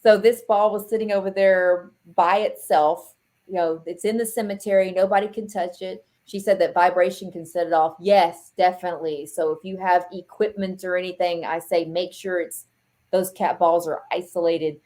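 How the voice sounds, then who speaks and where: A woman guest on a podcast, chatting casually in an excitable, blunt way and laughing often. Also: lowish voice, normal speed. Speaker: podcast guest, ghost hunter. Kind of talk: casual chat.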